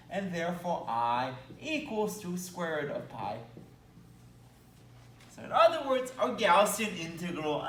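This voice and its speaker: A man's voice: sits high, fairly bright tone, a little hiss or hum. A man with a Belgian accent teaching math at a whiteboard, talking with enthusiasm and playful asides. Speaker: math lecturer. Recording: echoey room, mic at a distance.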